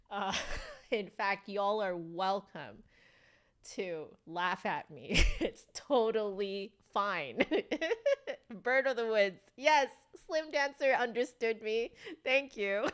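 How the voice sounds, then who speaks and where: Slow-talking, giggly woman streamer. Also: medium pitch, fairly bright tone. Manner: chatty, giggly, reads chat aloud; fillers, self-correcting. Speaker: flute livestream host. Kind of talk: casual livestream chat.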